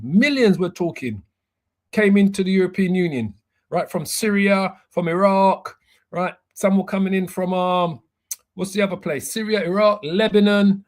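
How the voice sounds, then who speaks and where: Man teaching Bible with a higher voice. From United Kingdom. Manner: laughs at himself, stumbles over pronunciations. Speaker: bishop.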